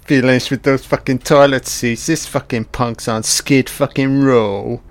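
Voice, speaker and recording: A man giving a casual, profane audio commentary on a film, reacting excitedly as he watches. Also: mid-range voice, measured pace, no echo.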